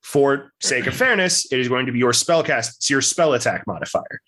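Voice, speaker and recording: A man's voice: medium pitch, lively intonation, a little fast, pushed and bright. Man, game master, casual and chatty, swears freely. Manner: casual, swears freely, laughs between points. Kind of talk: explaining rules and narrating a tabletop game.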